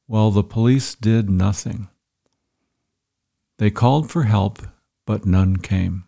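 A man with a low, gravelly voice and a dark, mellow tone. He reads quoted passages aloud and comments on them in a measured, reflective manner, pausing for emphasis. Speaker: speaker reading and commenting on an article.

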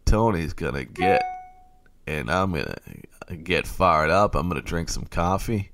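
A man's voice: low voice, lively intonation, a little slow, creaky, fairly bright tone. A man hosting a late-night fantasy football radio show, ranting and getting fired up.

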